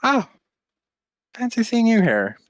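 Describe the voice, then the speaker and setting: A woman's voice: on the high side, big pitch swings, slow pace, dry recording, voice pushed up. A man voicing a drowsy, stranded half-elf woman who talks in an offhand, laid-back way. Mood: casual.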